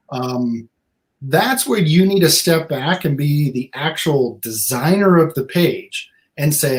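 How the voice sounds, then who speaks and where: Guy with a slightly high voice on a live panel, walks through tips step by step. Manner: explanatory, acts out users' thoughts, some restarts. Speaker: guest speaker. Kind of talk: casual livestream panel advice.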